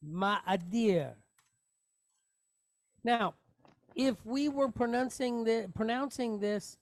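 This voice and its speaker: A woman's voice: on the high side, darkish tone, dry recording, studio quality. A woman teaching a Hebrew reading lesson, patiently explaining each letter and asking the class questions.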